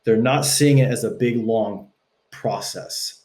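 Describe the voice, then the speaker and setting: A man's voice: on the low side, slow. Young texan guy on a podcast, chatty, acts out little dialogues, swears a bit. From Texas, US. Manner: animated, acts out quoted dialogue, swears casually. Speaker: podcast guest, coach. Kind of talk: casual conversational interview.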